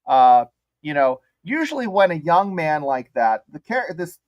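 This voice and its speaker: A man's voice: on the high side, very animated, unhurried, no room sound, lo-fi sound. A man co-hosting a podcast, rambling through his points with many restarts. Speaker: podcast co-host. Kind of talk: casual chat.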